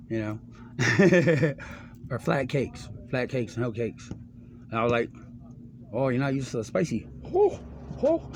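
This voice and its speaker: A man talking in a rambling personal monologue to a friend, meandering from topic to topic with many fillers. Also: medium pitch. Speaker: speaker addressing a friend. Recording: clear background noise.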